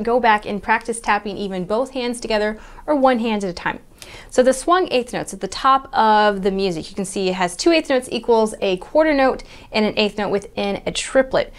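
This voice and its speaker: A woman piano teacher explaining rhythm and theory step by step, patient and methodical, counting beats aloud at the piano. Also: on the high side. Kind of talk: step-by-step music lesson.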